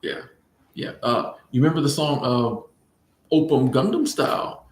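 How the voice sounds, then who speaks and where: A man hosts a laid-back livestream in an echoey room, reading chat and answering viewers playfully, often repeating his phrases. His voice is mid-range and his pace measured.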